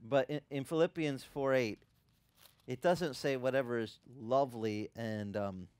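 Guy pastor preaching, chatty storytelling that gets loud and high when he's fired up, dry close sound. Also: a little slow, clean tone, dry recording. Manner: conversational storytelling, rising in pitch and volume when impassioned. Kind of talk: sermon. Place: church ministry in Hawaii.

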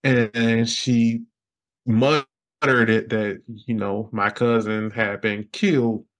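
A man talking loosely with plenty of fillers as he tells his own story to a podcast host. His voice sits in an ordinary middle pitch and springs up high whenever he mimics other people's words. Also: slow. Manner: animated, jumps high when quoting others. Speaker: podcast guest. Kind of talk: casual interview storytelling.

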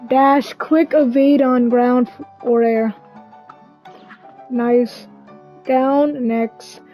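A woman's voice: high-pitched, steady tone, extremely slow, dull audio, faint music behind. A woman gamer reading a game's storybook intro and tutorial aloud, with wry asides.

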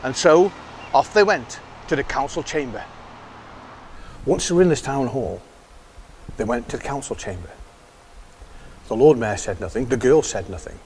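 A man telling a children's story, voicing the characters in higher pitches. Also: moderate pace, pauses often, a little hiss or hum. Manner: lively, voices the girls in higher pitch.

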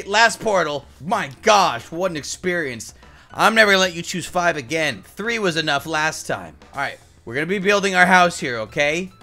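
Woman gamer, sarcastic and exasperated, lively swooping delivery, faint music behind. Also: on the low side. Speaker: Minecraft gameplay commentator. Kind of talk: scripted gameplay commentary with a partner.

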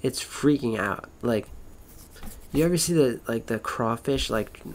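A man's voice: mid-range voice, animated, measured pace, a little hiss or hum. A man rambling through a casual monologue, swearing constantly, wandering between thoughts and trailing off mid-sentence. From Florida.

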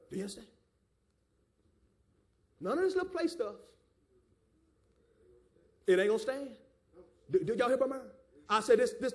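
A man with a Southern American accent preaching a fiery sermon, breaking into shouts and call-and-response with the congregation. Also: very high-pitched. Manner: Southern preacher cadence with calls of "my God" and "do you understand". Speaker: pastor.

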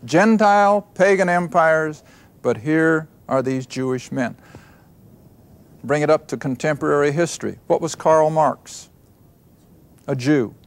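Man teaching a Bible lesson. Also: fairly high pitch. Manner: rhetorical questions, answers them himself; reads scripture aloud then explains.

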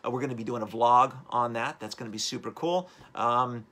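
A man's voice: medium pitch, fairly quick, fairly bright tone. A man hosting a live-streamed motivational talk, upbeat and rambling as he urges viewers on. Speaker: host.

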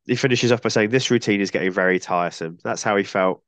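A man's voice: on the low side, fast, no room sound. A man hosting a film podcast with a cold, chatting casually and often ending points with tag questions. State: has a cold. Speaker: podcast host.

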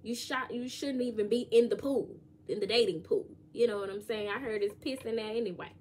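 A woman's voice: on the high side, fairly quick, a little hiss or hum. Chatty woman giving a casual tarot reading. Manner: chatty, joking, sings lyric snippets softly. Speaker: tarot reader.

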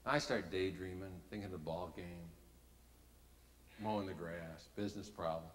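Bright-voiced man telling a sermon story. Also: deep voice, normal speed, a little hiss or hum. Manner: folksy, animated storytelling with big swings in loudness. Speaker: speaker. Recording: reverberant hall.

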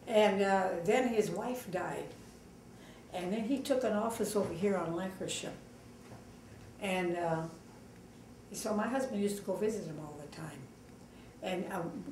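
An older woman from Los Angeles telling a lively story in an interview, acting out the dialogue and pausing on fillers. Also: medium pitch, far from the mic. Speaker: oral history interviewee. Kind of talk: casual storytelling. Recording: echoey room, voice off-mic, faint noise.

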